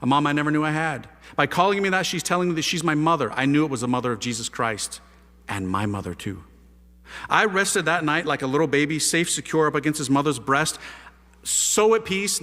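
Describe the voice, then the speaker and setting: A priest telling his conversion story to an audience, a lively storyteller using casual slang and rhetorical questions. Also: a little high, brisk. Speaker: priest giving a conversion testimony. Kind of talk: animated testimony talk to an audience. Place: large hall with a live audience. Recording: reverberant hall.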